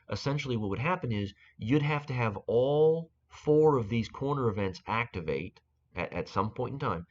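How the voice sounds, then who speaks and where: A man hosting a screen-recorded software tutorial, explaining step by step with frequent fillers and restarts. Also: mid-range voice, muffled recording. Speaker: game-making tutorial host.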